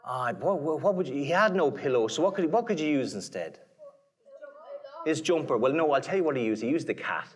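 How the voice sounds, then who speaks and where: A man with an Irish accent telling a folk tale to a live audience in a playful, theatrical way, dropping to whispers and rising to shouts. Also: a little high, expressive, fairly quick, husky. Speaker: storyteller. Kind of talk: animated storytelling to a live audience.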